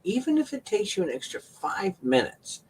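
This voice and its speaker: A man's voice: high-pitched, huge pitch swings, moderate pace, breathy edge. A middle-aged man hosting his own channel, telling a story in a folksy, casual way and laughing often. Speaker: channel host.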